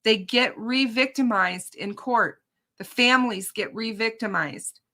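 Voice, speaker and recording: A woman's voice: a little high, measured pace, pushed and bright. A woman hosting a true crime channel, telling viewers about her day in court in an emphatic, indignant casual way.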